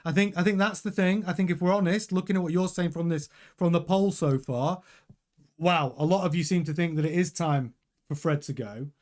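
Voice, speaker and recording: Emphatic high-voiced man. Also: a little fast. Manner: emphatic and animated, addressing viewers directly. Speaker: host of a motorsport news channel. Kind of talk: opinionated commentary to camera.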